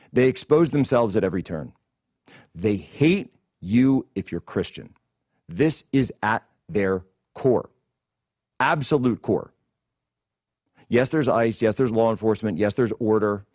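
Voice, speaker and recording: A man's voice: on the low side, darkish tone, no echo. Indignant male political host, dry sound. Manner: combative, indignant ranting. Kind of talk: political commentary monologue.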